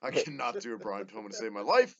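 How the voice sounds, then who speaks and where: A man co-hosting a casual wrestling podcast, animated and joking, swearing freely. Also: lowish voice, gravelly, crowd noise. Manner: animated, swearing, quick to joke. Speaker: podcast co-host. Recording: dull lo-fi podcast audio.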